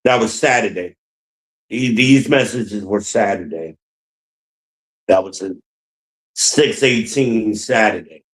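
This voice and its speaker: Speaking slowly with frequent pauses, a man with a lowish voice delivers a casual solo monologue on his own podcast, recorded with poor audio. He's blunt and profane as he vents, rambling and repeating what he's said.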